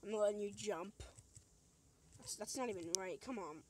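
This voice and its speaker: Over background noise, a young woman with a mid-range voice and moderate pace casually narrates a let's play. She's goofy, joking with the enemies and talking to the game, and she shrieks when things go wrong.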